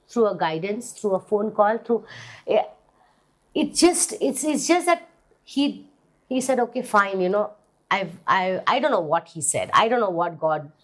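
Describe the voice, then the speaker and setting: A middle-aged woman with an Indian English accent, earnestly giving personal testimony in an interview, often repeating and restarting her words. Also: medium pitch.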